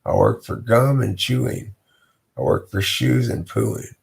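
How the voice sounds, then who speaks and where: A man's voice: lowish voice, unhurried, gravelly, voice pushed up. A man voicing a nervous, bumbling young inspector who stammers and gets flustered. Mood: rambling.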